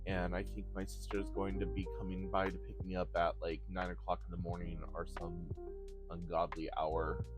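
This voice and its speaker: A man hosting a podcast, crying through a halting, raw personal monologue. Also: low-pitched, flat delivery, music in the background. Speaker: podcast host.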